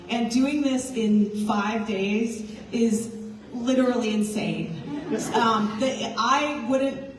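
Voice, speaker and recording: A woman's voice: a little high, far from the mic. Tired, rambling woman in an echoey hall. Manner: rambling, self-deprecating, laughs between thoughts. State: tired from lack of sleep. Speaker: local party chair. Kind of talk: casual speech to a crowd. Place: large indoor meeting room with a crowd.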